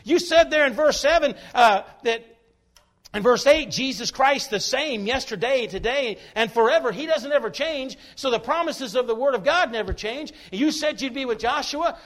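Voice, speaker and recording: A pastor preaching a sermon, emphatic and folksy, with joking asides. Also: male voice, very high-pitched, animated, normal speed, a bit bright.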